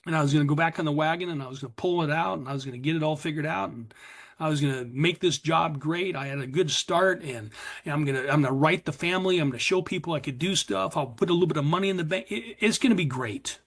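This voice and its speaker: A man's voice: on the high side, fast, a bit bright. A middle-aged American man telling his recovery story in earnest, confessional form at a meeting, acting out what his past self said. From USA. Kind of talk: personal testimony at a recovery meeting.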